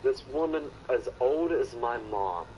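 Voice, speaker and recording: A man's voice: mid-range voice, animated, a little slow, lo-fi sound, loud music behind the voice. A young man telling a rambling, profane story in casual chat, laughing at his own tale. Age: young adult. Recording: loud vehicle noise behind. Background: car engine and road noise.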